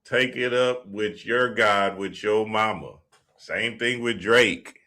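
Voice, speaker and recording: A man's voice: lowish voice, slow pace, sharp tone. A man hosting a show, talking in a casual, profane, slang-heavy monologue full of stories. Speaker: podcast host.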